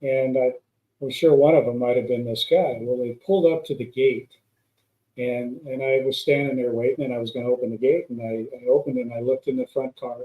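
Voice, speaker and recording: A man's voice: medium pitch, warm tone. A man, a guest pilot, telling long rambling anecdotes in a casual chat, with many restarts. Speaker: guest, former stunt pilot. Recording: roomy echo.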